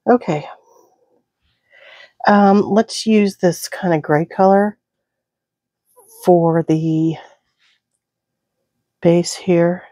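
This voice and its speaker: This time the Southern-accented crafting host speaks extremely slowly in a lowish, warm, fairly even voice, pausing often, with no room sound. She's chatty and mumbles asides to herself as she works.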